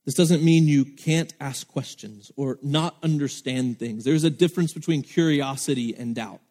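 A man's voice: mid-range voice, normal speed, darkish tone, big-room sound. A man preaching a sermon as pastor, earnest and emphatic, acting out the lines of the people he quotes.

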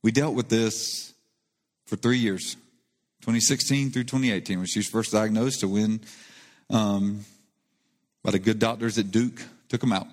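A man's voice: on the low side, steady tone, normal speed, long pauses. A male pastor giving a sermon, earnest and conversational, with rising emphasis on key points. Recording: long reverb of a church hall.

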